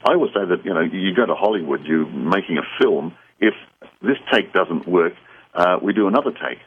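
A man's voice: low voice, animated, brisk, breathy edge. A man guesting on a radio call-in show, giving earnest, reassuring advice over a phone line. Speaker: psychic guest.

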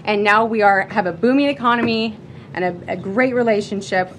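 A woman delivering press briefing remarks in a rehearsed, upbeat way. Her pitch sits mid-range for a woman. She speaks into a podium microphone. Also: fairly quick, fairly bright tone, a little hiss or hum. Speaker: press secretary.

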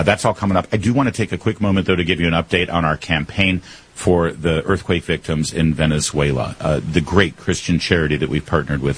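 Deep husky talk radio host. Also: male voice, low-quality recording. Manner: brisk, rising pitch when excited, laughs easily.

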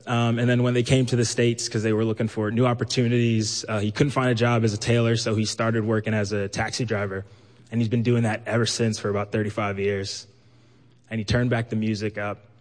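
A man from Brooklyn telling a personal story live, lively and acting out the voices he quotes. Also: lowish voice, fairly quick. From New York, Brooklyn. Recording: long hall reverb.

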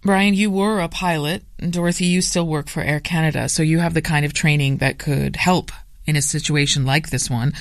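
A news interviewer asks gentle, probing questions of guests. The voice sits at a middle pitch. The recording is dry and close, with no room echo. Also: fairly even intonation, fairly quick, gravelly, few pauses.

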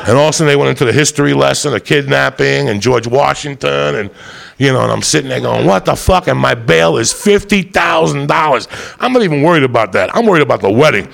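A man's voice: mid-range voice, animated, fast talker, vocal fry, a bit bright. A man telling a rowdy comic story with heavy swearing and bursts of laughter. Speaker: comedian storyteller. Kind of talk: profane comic storytelling monologue.

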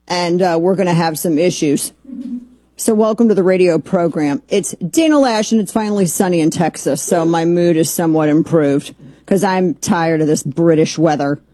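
A woman hosting a political talk radio show from a studio, sarcastic and animated, with rambling asides. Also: sits low, slightly rough, no room sound. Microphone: studio microphone.

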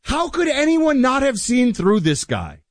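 A man co-hosting a political talk show, indignantly ranting and rising to shouts. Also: extremely high pitch, wildly swooping pitch, measured pace, dry recording, studio quality. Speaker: co-host. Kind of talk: political talk radio commentary.

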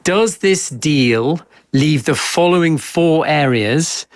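A man's voice: fairly high pitch, animated, no echo, clean studio sound. Man host framing structured questions. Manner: deliberate, framing questions in lists. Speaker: podcast host. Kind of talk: structured news interview.

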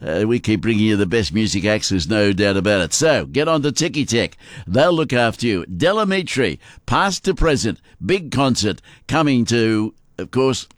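A man on radio, chatting easily and cracking jokes between songs. His voice sits at an ordinary pitch and sounds dry and close, with no room around it. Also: dry recording. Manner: joke-telling, chatty, with small laughs. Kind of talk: casual radio chat and live reads. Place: radio studio. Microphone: close studio mic.

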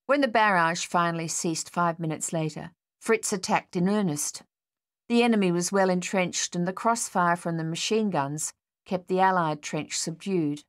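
Her voice is lowish as she narrates an audiobook. The woman delivers the scripted text in a calm, measured storytelling manner.

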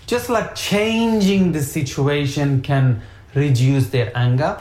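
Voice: mid-range voice, a little mellow. Therapist explaining in an echoey room. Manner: explains step by step with everyday examples. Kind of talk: casual advice chat.

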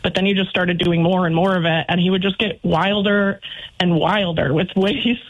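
A woman's voice: fairly low pitch, steady tone, fairly quick. A woman calling in to a radio show, earnestly telling her story. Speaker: caller. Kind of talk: phone-in call. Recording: dull lo-fi phone line.

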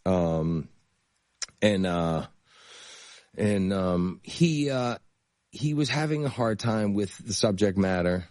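Casting: low-pitched male guest, dry close sound, chatty anecdote teller who laughs through stories. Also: slow, long pauses, no echo. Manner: animated anecdotes with laughter and acted-out quotes. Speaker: actor guest. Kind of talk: casual interview storytelling.

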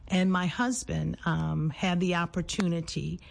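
Gravelly-voiced woman, measured and thoughtful. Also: on the low side, fairly even intonation. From New Orleans. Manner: thoughtful, measured, with frequent fillers. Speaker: nurse and public health administrator. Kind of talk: conversational interview.

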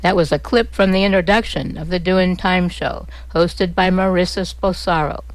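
A woman reads scripted links for a radio show in a clear, measured way. Her voice is fairly low. The sound is dry and close. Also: steady tone, no echo, rough recording. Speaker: radio presenter.

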